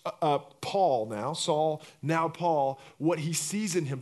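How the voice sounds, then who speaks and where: A man preaching a sermon as pastor, telling the story with lively acted-out voices and swinging from loud bursts to quiet, intimate appeals. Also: on the high side, takes it slowly, few pauses.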